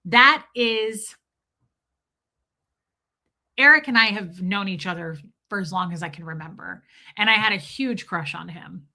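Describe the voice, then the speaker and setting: A woman's voice: mid-range voice, a little slow, pauses often, pushed and bright. A woman hosting a casual livestream, chatting emotionally and reading out viewer comments, with frequent restarts.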